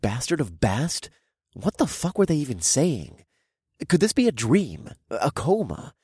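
A man's voice: mid-range voice, wildly swooping pitch, a little slow, warm tone, slightly rough, no room sound, clean studio sound. A young man narrating a first-person audiobook in a wry, casual, profane way.

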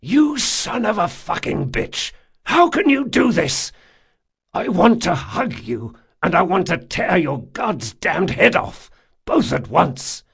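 A man voicing a big, strong, loyal male thief who speaks in a measured, firm way in an audiobook. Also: on the low side, very animated, gravelly, full character voice. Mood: furious anguished. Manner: measured and firm, bursting into roars. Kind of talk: audiobook character voice.

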